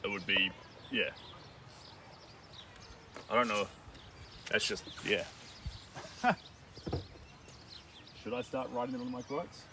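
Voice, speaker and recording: Rambling painter, distant and outdoors. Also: male voice, lowish voice, measured pace, pauses often, sharp tone. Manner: rambling, joking, thinks aloud. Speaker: painter live-streaming a dog portrait. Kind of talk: casual live-stream chat while painting. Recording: distant mic with outdoor noise.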